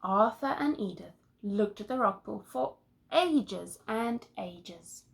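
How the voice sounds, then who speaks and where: A woman teacher reading a children's picture book aloud, expressive and pausing to ask the listeners questions. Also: mid-range voice, vocal fry, slight background noise. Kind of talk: children's story read-aloud.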